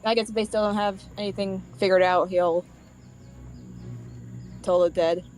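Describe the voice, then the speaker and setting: A woman playing in a tabletop game, chatting casually with wry, quick asides. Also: mid-range voice, fairly even intonation, darkish tone, faint music behind, low-quality recording. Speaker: player.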